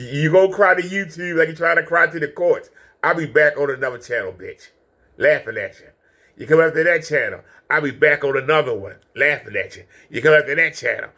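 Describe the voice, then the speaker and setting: A man's voice: fairly high pitch, bright, forceful tone. A man hosting a reaction video, ranting profanely with taunts and insults at someone in a clip. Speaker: channel host reacting to a clip.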